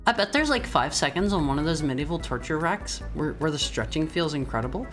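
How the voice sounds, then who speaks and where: A man streaming as a VTuber, chatting playfully with his viewers and teasing them. He keeps tripping into restarts, and his pitch swings up and down. Faint music plays softly behind him. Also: expressive, brisk. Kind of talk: casual live-stream chat.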